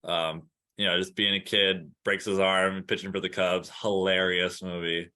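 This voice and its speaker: A man hosting a casual podcast chat, telling relaxed stories with plenty of fillers. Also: low voice, moderate pace, clear, resonant tone. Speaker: podcast host.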